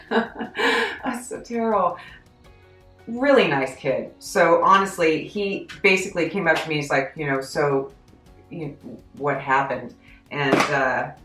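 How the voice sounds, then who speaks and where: A woman telling a story from her job in a chatty, self-deprecating, animated way for her vlog. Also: low voice, moderate pace, soft background music. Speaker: vlogger recounting a job story. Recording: echoey room.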